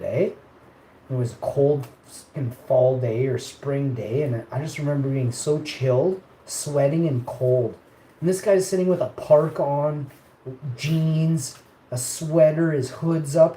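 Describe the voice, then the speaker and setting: A man tells a rambling childhood story as a casual stream, and he laughs a lot along the way. His voice is mellow and sits in a middle register. The room is echoey, with faint ambient noise behind him. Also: mid-range voice. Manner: rambling, laughs often, quotes people in raised voice. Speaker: live streamer.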